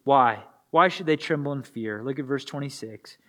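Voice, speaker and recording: A man's voice: medium pitch, normal speed, fairly bright tone. A man preaching a sermon to young listeners, earnest and posing rhetorical questions. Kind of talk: sermon to a youth audience.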